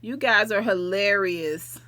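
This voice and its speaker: A woman's voice: mid-range voice, slow pace, pushed and bright, no echo. Chatty woman on a late-night livestream. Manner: chatty, affectionate, rambling. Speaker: livestream host. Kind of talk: casual livestream chat.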